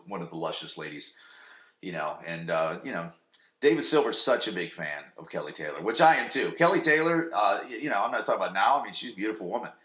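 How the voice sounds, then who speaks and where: A man's voice: sits low, fairly bright tone, echoey room. A man in his forties hosting a casual solo podcast from his home basement, crude and rambling, swearing freely and full of fillers. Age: 40s. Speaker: podcast host.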